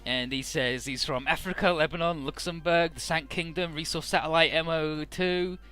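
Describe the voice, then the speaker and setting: A man's voice: on the high side, fairly even intonation, moderate pace, sharp tone, clear, resonant tone, faint music behind. A man casually recapping a game's story in an offhand, profane, amused way, with frequent "uh"s.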